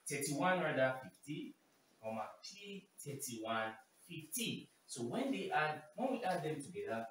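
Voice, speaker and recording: A chemistry teacher gives a simplified lesson, repeating each key term and checking in with "okay?". The pitch swings up and down a lot. The voice sounds distant in a very echoey room, with faint noise behind it.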